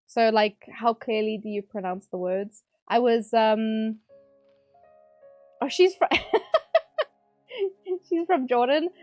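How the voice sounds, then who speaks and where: A woman's voice: a little high, lively intonation, takes it slowly, pauses often, a little mellow, no echo, soft background music. A woman streamer chatting casually while she plays, talking loosely with lots of fillers and frequent laughter. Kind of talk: casual chat while gaming.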